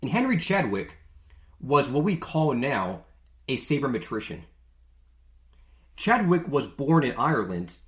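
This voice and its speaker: A male podcast host talking in a casual, jokey monologue, with a mid-range voice. He is chatty and leans on filler words. The recording rings in an echoey room. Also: mid-range voice.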